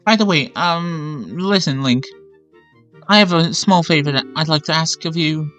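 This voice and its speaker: A man's voice: on the high side, unhurried, a bit bright, faint music behind. A man voicing a young, eager female bird-folk attendant who talks in an earnest, helpful and slightly flustered way. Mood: polite.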